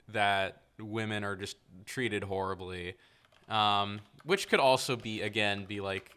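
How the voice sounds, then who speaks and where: A man co-hosting a podcast, talking through film ideas in a measured, thoughtful way. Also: on the low side, pushed and bright, clean tone. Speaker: podcast co-host. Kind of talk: casual film-discussion chat.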